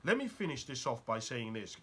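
A man's voice: mid-range voice, very animated, a little fast, pushed and bright, breathy edge. A man giving a motivational talk. He speaks urgently and keeps asking the listener probing rhetorical questions.

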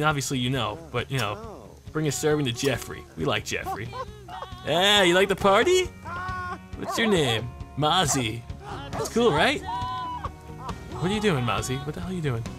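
A man hosting a let's play video, excitable and joking, swearing freely and jumping between muttering and yelping. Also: a little high. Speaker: gaming channel host. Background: game music.

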